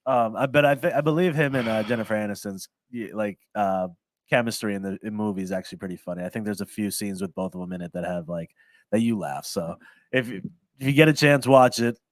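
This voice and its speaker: A man's voice: on the low side, fast talker, no room sound. A young man hosting a casual chat, rambling and repeating words. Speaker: podcast host.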